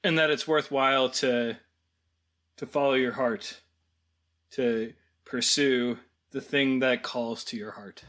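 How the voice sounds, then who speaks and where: A man in an easygoing podcast chat about a film, speaking in a measured way as he adds his own points and calmly disagrees. His pitch sits in an ordinary middle range. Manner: measured, adds points and gently pushes back. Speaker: podcast co-host.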